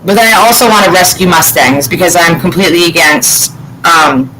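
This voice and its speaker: Woman host, bright tone, rambling and candid, swears freely, faint background hiss. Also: on the low side, a little fast, poor audio. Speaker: podcast host. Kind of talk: casual chat.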